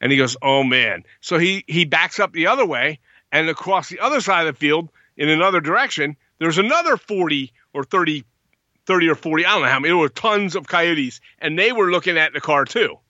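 A man's voice: on the high side, brisk, dry recording, highs cut off. A man telling a story in casual chat, acting out quotes in a raised voice. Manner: animated, acts out quotes in a raised voice.

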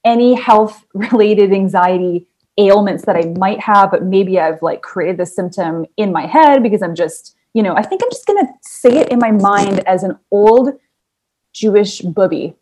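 A woman's voice: medium pitch, animated, normal speed, warm tone, poor audio. Chatty woman podcast co-host. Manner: chatty, rambling, laughs often. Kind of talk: casual chat.

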